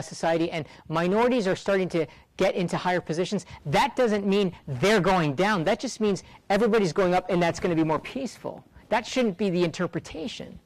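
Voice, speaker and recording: A man's voice: sits high, dry recording, low-quality recording. A middle-aged man, a rural doctor, speaking earnestly to a student audience, often repeating words for emphasis.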